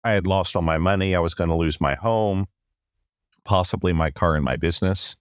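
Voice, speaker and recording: Man, middle-aged, deep low voice, dry close sound, podcast guest, animated storytelling. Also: brisk, dry recording. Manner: animated storyteller, repeats "long story short", acts out quoted rants.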